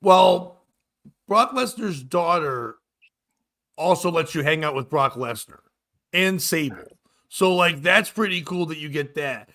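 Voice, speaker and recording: Male host, high voice, crude jokey chat, laughs a lot. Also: animated, bright, forceful tone. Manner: crude, joking, quick to laugh. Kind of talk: casual comedy chat. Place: live-streamed show.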